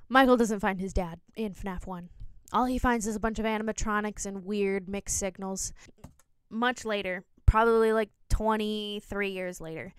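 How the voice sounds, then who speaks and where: Rambling young woman, crisp dry sound. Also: a little high, no echo. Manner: rambling, self-correcting, jokey asides. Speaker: video essay host. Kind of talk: casual rambling explainer. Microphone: phone.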